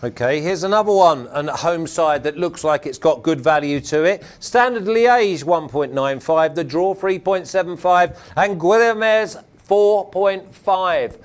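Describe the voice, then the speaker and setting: A man hosting a betting panel, briskly reading out odds and passing questions to the others. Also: fairly high pitch. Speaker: host. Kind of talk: casual panel chat.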